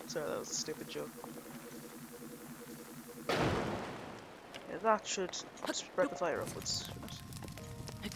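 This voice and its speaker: A man's voice: a little high, takes it slowly, vocal fry, pauses often, music in the background. A man with an English accent giving casual, rambling, jokey commentary over a game playthrough. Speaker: gameplay streamer. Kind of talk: casual let's-play commentary.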